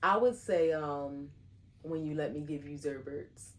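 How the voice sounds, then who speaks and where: A middle-aged woman, co-hosting a casual couple podcast in a relaxed, affectionate, teasing way. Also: deep voice, a little slow. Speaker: podcast co-host.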